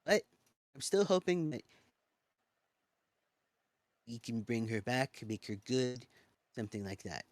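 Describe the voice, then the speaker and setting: A man's voice: medium pitch, very animated, slow, pauses often, dry recording. A man talking earnestly and plainly as a player in an online tabletop game. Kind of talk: casual tabletop game chat.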